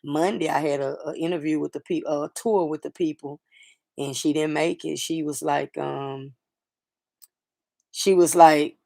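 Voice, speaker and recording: A middle-aged woman hosting a casual livestream chat, talking softly and sadly to viewers, rambling with fillers and restarts. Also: deep voice, fairly even intonation, measured pace, gravelly, no echo, clean studio sound. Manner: soft-spoken, grieving, rambling with fillers and restarts. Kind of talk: casual personal talk to viewers.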